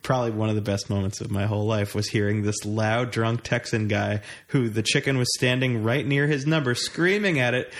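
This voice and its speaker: Low-voiced man from New York, storytelling. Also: brisk, hardly any pauses. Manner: animated storyteller, many filler likes. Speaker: conversation partner. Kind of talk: casual chat.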